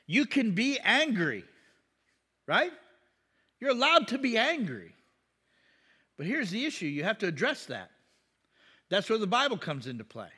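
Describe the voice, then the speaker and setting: A man preaching a conversational sermon, asking the congregation questions and breaking into loud, emphatic bursts. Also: sits high, husky. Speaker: pastor.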